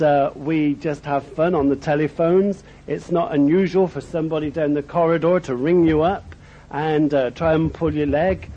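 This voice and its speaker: A middle-aged man from Berkshire, England, with an Oxfordshire accent, gives a humorous testimony talk at a dinner, saying "um" frequently. His voice is warm and slightly high. The recording quality is dull and lo-fi.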